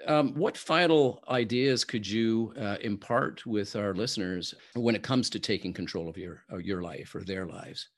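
A man's voice: fairly low pitch, normal speed, hardly any pauses. A man hosting a podcast interview, thoughtfully summing up his guest's story. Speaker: podcast host.

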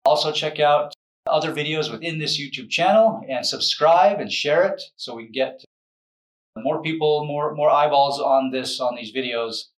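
This rough recording captures a man with a slightly high voice talking at a moderate pace. A video lecturer and author, he explains things loosely and conversationally, often correcting himself mid-sentence.

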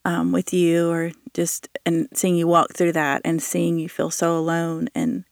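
A woman guest on a Bible study podcast, talking earnestly with many pauses and fillers, and reading a psalm aloud. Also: on the low side, flat delivery, creaky, no echo, clean studio sound. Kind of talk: reflective Bible study chat.

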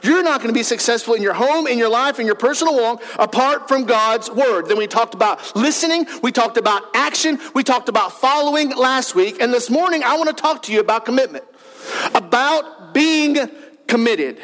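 A man's voice: very high-pitched, lively intonation, normal speed, a bit bright, long reverb tail. A man, a pastor giving an earnest, conversational sermon in a church. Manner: earnest, questioning, conversational preaching.

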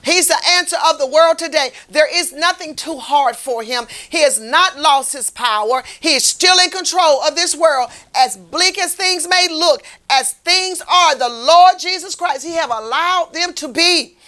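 A woman's voice: high-pitched, a little slow, few pauses, bright, forceful tone. A woman delivering a fervent, repetitive street-preaching sermon as a lay minister.

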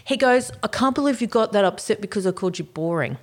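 A woman's voice: mid-range voice, animated, fast. Woman telling a story, swearing. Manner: storytelling, swears freely, laughs often. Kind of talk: casual chat.

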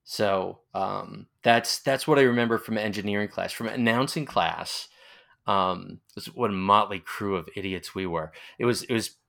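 Long Island man, low voice, nostalgic rambling. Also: normal speed, gravelly, a bit bright. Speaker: interviewee, former college radio announcer. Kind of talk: casual reminiscing interview.

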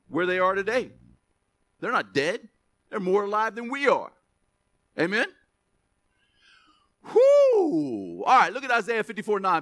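A man's voice: high-pitched, pushed and bright. A man preaching a sermon in a conversational way, often laughing and checking in with the congregation. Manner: conversational, laughing, keeps asking "right?". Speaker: pastor.

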